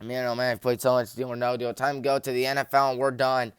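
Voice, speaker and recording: Joking young sports host. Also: male voice, medium pitch, completely flat delivery, fast talker, clear, resonant tone, no echo, studio quality. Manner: jokey, rambling, self-mocking. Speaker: sports talk show host. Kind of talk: rapid-fire game picks with joking asides. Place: small community TV studio.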